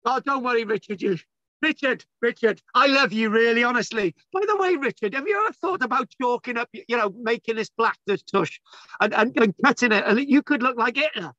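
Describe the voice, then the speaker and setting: A man's voice: extremely high pitch, fairly quick, bright, forceful tone, no room sound, highs cut off. A man giving a casual online lecture, exasperated and bantering, swearing often.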